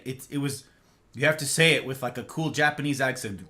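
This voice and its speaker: A man streaming live, chatting casually with his chat and sounding tired; he jumps from excited squeals to mumbled asides. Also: medium pitch, brisk, soft background music.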